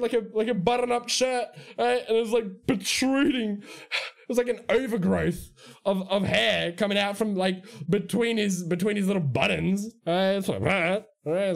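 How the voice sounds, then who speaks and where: A young man streamer telling a story in a casual, animated way, swearing and tossing in "right?" and "man". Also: high-pitched, gravelly.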